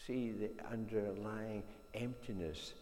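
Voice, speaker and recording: A man preaching a sermon in a church, earnest and measured, often asking the listeners questions. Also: on the low side, steady tone, warm tone. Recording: echoey church hall reverb, faint hum.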